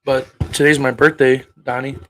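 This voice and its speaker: A man's voice: medium pitch, little pitch movement, normal speed, fairly bright tone, a little hiss or hum, low-quality recording. A man in his thirties hosting a casual livestream, rambling and cursing bluntly as he talks to his viewers. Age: 30s. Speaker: livestream host.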